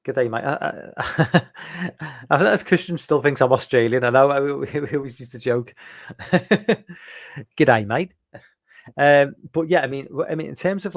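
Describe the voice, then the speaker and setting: A man's voice: mid-range voice, no room sound. Rambling man hosting a live stream. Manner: rambling, many fillers and restarts; reads out and answers viewer chat. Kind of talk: casual live-stream chat.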